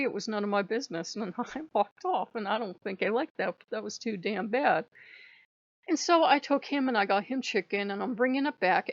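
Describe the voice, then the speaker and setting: A woman's voice: medium pitch, creaky, dry recording, dull audio. A woman telling a casual story in a blunt, chatty way, swearing freely and laughing often. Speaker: vlogger.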